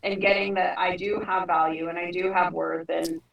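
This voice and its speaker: Middle-aged woman telling a story, animated. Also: lowish voice, normal speed, creaky, roomy sound, far from the mic, dull audio. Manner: animated, acts out dialogue with frank language. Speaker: guest. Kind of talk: conversational storytelling.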